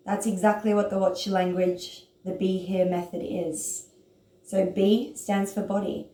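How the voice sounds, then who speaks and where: A woman who teaches yoga and writes, talking casually and earnestly to her followers about self-compassion, at times rushing with excitement and then slowing herself down. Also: mid-range voice, reverberant. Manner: excited, earnest, speeds up and slows down.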